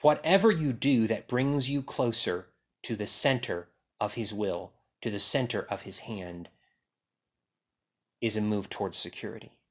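A man preaching a sermon, acting out quoted voices and dropping to a hush at key lines. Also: lowish voice, measured pace, husky. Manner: animated, acts out quotes and swings from loud to hushed. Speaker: pastor.

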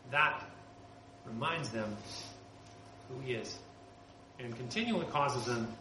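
A man's voice: mid-range voice, takes it slowly. A man preaching a sermon as a pastor, earnest and conversational, lifting his voice to stress key points. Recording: roomy with background noise.

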